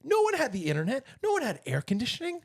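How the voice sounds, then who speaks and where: A man in his thirties co-hosting a casual podcast chat, animated and jokey, rambling through stories. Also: very high-pitched, fast, no room sound, clean studio sound. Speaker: podcast co-host.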